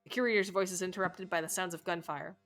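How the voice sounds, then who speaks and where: A woman's voice: fairly low pitch, steady tone, fast talker, a bit bright, soft background music. Woman streamer reading game text aloud. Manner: reads all game text aloud, swearing and laughing at the story. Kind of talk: live game playthrough, reading dialogue aloud.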